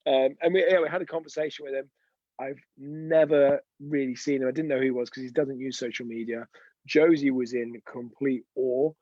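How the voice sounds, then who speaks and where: A man's voice: mid-range voice, fairly even intonation, normal speed, a little mellow, dry recording, dull audio. A man hosting an unscripted live stream, telling chatty, rambling anecdotes with frequent restarts. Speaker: host of a weekly live show.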